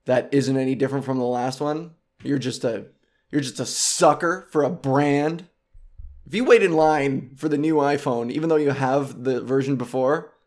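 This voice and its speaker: A man's voice: on the high side, a little mellow. A man hosting a comedic solo podcast, rambling and self-mocking, and easily sidetracked, speaking close to his microphone. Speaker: podcast host.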